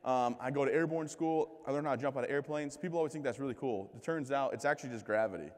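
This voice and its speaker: Man, keynote speaker, joking storyteller, self-deprecating, middle pitch, long hall reverb. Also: fast, a little mellow. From United States. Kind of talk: comedic motivational keynote. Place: large event hall.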